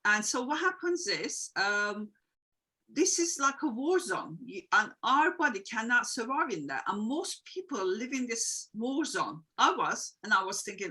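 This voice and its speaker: Bright-voiced woman explaining earnestly. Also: fairly high pitch, very animated, unhurried, husky, rough recording. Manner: earnest, explanatory, repeats phrases, non-native grammar. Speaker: guest, emotional wellbeing coach. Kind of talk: interview answers.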